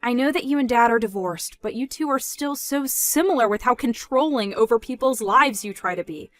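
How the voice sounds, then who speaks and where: A woman voicing a calm young working woman who answers in a measured, polite but firm way in a dramatized story. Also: on the high side.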